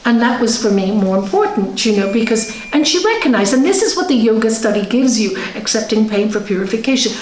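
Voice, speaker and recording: Brief: fairly high female voice, animated yoga teacher, echoey hall. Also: a little fast, hardly any pauses, a little hiss or hum. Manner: conversational, animated, tells stories with acted quotes. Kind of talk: spiritual teaching talk. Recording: echoey room.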